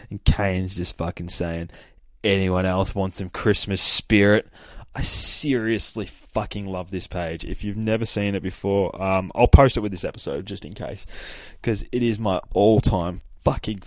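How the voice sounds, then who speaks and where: A man hosting a podcast, chatting casually and excitably and swearing constantly. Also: low voice, no room sound. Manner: excitable, heavily profane. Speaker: podcast host. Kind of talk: casual enthusiastic chat.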